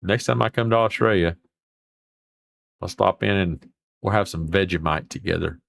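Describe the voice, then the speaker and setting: A man hosts a casual livestream, rambling folksily and cursing mildly as he answers comments. His voice sits fairly low with a gravelly texture. The sound is dry and close, with no room around it. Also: normal speed, fairly bright tone, no room sound. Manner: rambling, folksy, mild swearing. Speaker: livestream host. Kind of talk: casual chat reading viewer comments.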